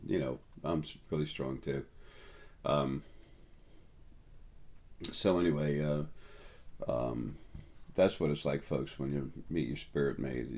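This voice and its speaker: A man hosting a spiritual video, rambling through a casual monologue to his viewers and leaping higher in pitch whenever he quotes someone. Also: darkish tone. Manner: storytelling, jumps up high when quoting people.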